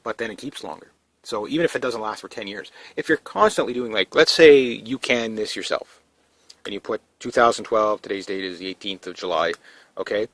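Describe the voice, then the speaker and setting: A man's voice: fairly low pitch, a little fast, fairly bright tone, dry recording. A man vlogging casually to camera about prepping, talking in a rambling, down-to-earth way with lots of fillers and restarts. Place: indoors in a trailer.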